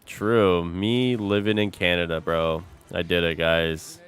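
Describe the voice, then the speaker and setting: A man's voice: low voice, slow, smooth, faint music behind. A young man streaming, chatting casually with his audience, swearing a lot and calling everyone bro. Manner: animated, swears a lot, says bro constantly.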